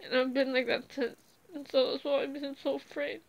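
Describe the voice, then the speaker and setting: A woman's voice: high-pitched, little pitch movement, brisk, lo-fi sound. A woman speaking off the cuff about her family and her past, rambling with restarts and fillers, emotional and close to tears in places. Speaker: speaker sharing a personal story. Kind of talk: unscripted personal talk.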